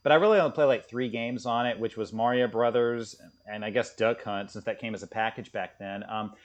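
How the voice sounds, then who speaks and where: A man's voice: on the low side, fairly even intonation, brisk. Chatty man with many fillers. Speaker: podcast co-host. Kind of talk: casual chat.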